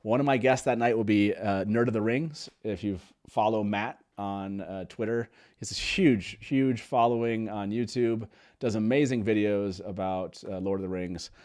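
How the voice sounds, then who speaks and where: A man's voice: on the low side, normal speed, darkish tone. A young man hosting a live stream, chatting casually with lots of fillers and frequent laughter. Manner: upbeat, laughs often, many fillers. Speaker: podcast host.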